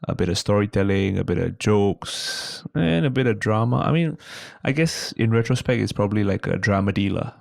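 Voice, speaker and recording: A man in his thirties with a Singaporean accent, telling stories as a comedian guest on a casual podcast, lively and quick to mimic voices. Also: lowish voice, creaky, no room sound, studio quality. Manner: animated storyteller, slips into mimicry.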